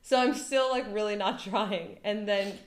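A woman in her thirties telling a dramatic personal story in casual chat, animated and full of fillers. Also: mid-range voice, measured pace. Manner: animated, dramatic retelling with lots of "like". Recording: echoey room.

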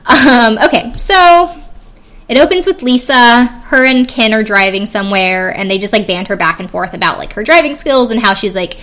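A woman's voice: a little high, moderate pace, a bit bright. A young woman chatting casually as she recaps a reality TV episode, with lots of fillers and personal opinions. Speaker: podcast host recapping a reality show. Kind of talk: casual chat.

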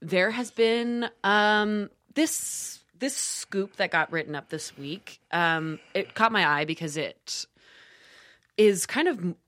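A podcast host in casual chat, recounting a news story with many pauses and fillers. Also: mid-range voice, fairly bright tone.

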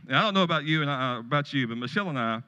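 A man's voice: fairly high pitch, expressive, racing, bright, forceful tone. Middle aged guy preaching, telling a funny story to his church, bit dull muffled sound. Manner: storytelling, joking with the congregation. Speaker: pastor. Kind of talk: sermon. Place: church sanctuary.

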